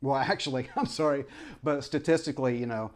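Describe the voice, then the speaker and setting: A man once a preacher, now a vlogger, rambles through his opinions on camera, tripping over frequent restarts and apologies while launching passionate rhetorical questions. His voice sits mid-range and moves a little fast.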